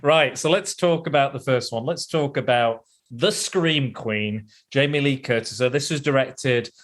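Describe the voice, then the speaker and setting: A male podcast host at an ordinary middle pitch. He talks casually and rambles, restarting sentences and laughing as he goes. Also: a little slow.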